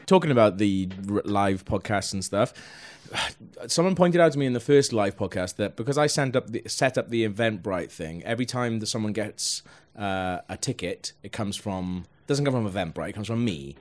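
Lively man telling a story. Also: fairly low pitch, moderate pace, few pauses. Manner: animated storytelling, swearing, laughing. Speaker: podcast host. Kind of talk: casual chat.

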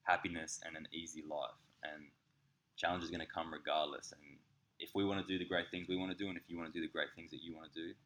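A man, co-hosting a casual podcast and telling candid, sweary stories with lively impressions. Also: low voice, fast. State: slightly sick. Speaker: podcast co-host. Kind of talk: casual chat.

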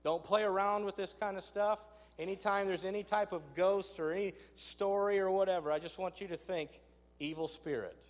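A man's voice: high-pitched, steady tone, normal speed. A man preaching a sermon, conversational and emphatic, with rhetorical asides to his congregation. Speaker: pastor. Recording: long hall reverb.

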